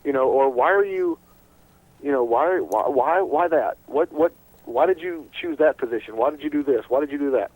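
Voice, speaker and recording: A man's voice: mid-range voice, normal speed, no room sound, rough recording. A man hosting a casual sports radio talk show, rambling and full of restarts. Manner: animated and rambling, with many restarts.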